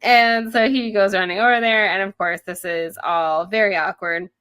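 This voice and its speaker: A woman's voice: mid-range voice, steady tone, moderate pace, fairly bright tone, smooth, dry recording. A woman co-hosting a podcast about a book, retelling the chapter casually and acting out the characters' lines. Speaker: podcast co-host. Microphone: headphones and studio mic.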